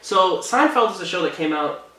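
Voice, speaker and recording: A young man from Canada co-hosting a casual talk show, chatting in an animated, playful way. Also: high voice, normal speed, slight background noise. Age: young adult. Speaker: podcast co-host. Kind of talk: casual chat. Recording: echoey room, mic at a distance.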